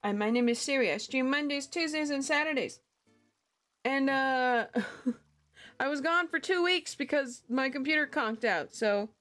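A woman's voice: high voice, a little slow, fairly bright tone, faint music behind. A woman streamer chatting casually and giggling often as she plays a cozy life-sim game and greets her chat. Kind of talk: casual gaming livestream chat.

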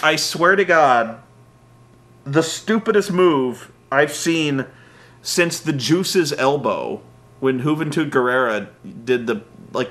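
A man hosting a comedic wrestling recap, sarcastic and profane with deadpan jokes. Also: fairly high pitch. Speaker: podcast host.

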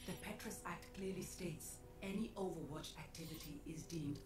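An actress playing a stern, formal official in a game cinematic, heard as a distant clip with music. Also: female voice, lowish voice, normal speed, reverberant, close to an everyday voice.

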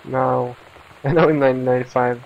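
A man's voice: mid-range voice, steady tone, fairly quick, lo-fi sound. A man giving casual let's play commentary, reading in-game texts aloud, stumbling over words and laughing at himself, recorded at home at his computer.

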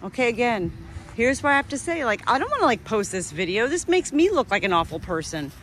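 A slightly high-voiced woman talks to the camera out in her farm yard, shaken and short of breath. She snaps sharp commands at her dogs, then drops into a soft, soothing murmur for her birds. Chickens cluck faintly behind her. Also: sing-song, a little fast, a little hiss or hum. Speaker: farm vlogger. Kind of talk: unscripted outdoor vlog.

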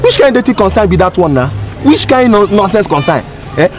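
Heckling motorcycle taxi rider, Nigerian Pidgin accent, rapid, film music behind. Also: male voice, high voice, sing-song. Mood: scolding. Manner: scolding, heckling, quick. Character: loud quarrelsome male motorcycle taxi rider. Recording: film audio with music and crowd.

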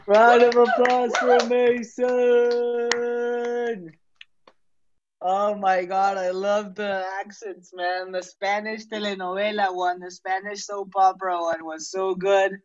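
A man's voice: high voice, flat delivery, a little slow, few pauses. Male MC, upbeat and rambling, on slightly dull lo-fi video call audio. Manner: enthusiastic, rambling with restarts. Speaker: MC of a comedy workshop show. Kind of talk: hosting an online show.

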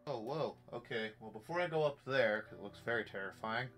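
A man's voice: mid-range voice, lively intonation, brisk, fairly bright tone. A young man giving live commentary on a virtual reality horror game, jumpy and jokey, swearing as he talks to himself. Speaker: gameplay streamer. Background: faint game music.

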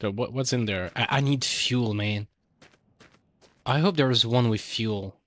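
A man's voice: mid-range voice, measured pace, fairly bright tone. A man streaming a driving game, commenting loosely and with swearing as he thinks aloud. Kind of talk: casual gameplay commentary.

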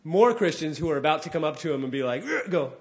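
A man, a comedian, speaking casually to a live audience, acting out people's lines with big pitch jumps and dropping low for asides. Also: lively intonation, fast talker, noisy background. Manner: drops to a quieter, lower voice for asides. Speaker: comedian giving a talk.

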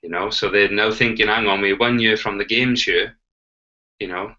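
Sex: man. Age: 40s. Origin: Wales. Role: interview guest. Style: animated storytelling with quoted dialogue. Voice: lowish, bright, forceful. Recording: dull, lo-fi. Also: normal speed. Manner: animated, acts out quoted dialogue, frequent "you know". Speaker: guest, Paralympic cyclist. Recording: dull lo-fi audio.

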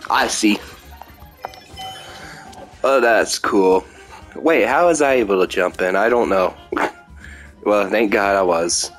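A man's voice: on the low side, slow, long pauses, fairly bright tone, faint music behind, rough recording. Goofy man rambling over a card game. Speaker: gaming video host. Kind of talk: casual gameplay commentary.

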